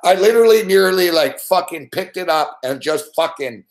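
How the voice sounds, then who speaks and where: A man's voice: high-pitched, normal speed, reverberant. A man hosting a sports betting show, ranting profanely and animatedly on a live stream. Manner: swears constantly, animated, acts out scenes.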